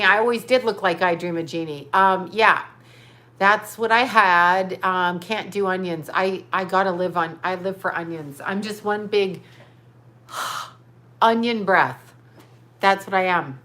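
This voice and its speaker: A woman's voice: medium pitch, sharp tone. A woman hosting a casual livestream, rambling chattily and greeting viewers as she reads their comments aloud. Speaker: livestream host. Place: home.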